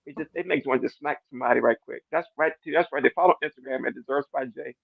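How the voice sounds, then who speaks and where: A man sharing a casual church testimony, animated and repetitive, acting out his talks with God. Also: mid-range voice, racing, creaky. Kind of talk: casual church panel discussion. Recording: dull lo-fi dry sound.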